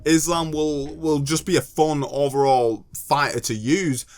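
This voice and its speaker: A man's voice: fairly high pitch, steady tone, measured pace, darkish tone. A young British man making a casual gaming commentary video, joking and ranting and stumbling over hard names.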